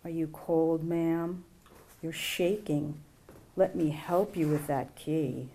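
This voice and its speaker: Woman voicing a soft-spoken young security guard. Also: deep voice, steady tone, takes it slowly, heavily acted. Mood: courteous.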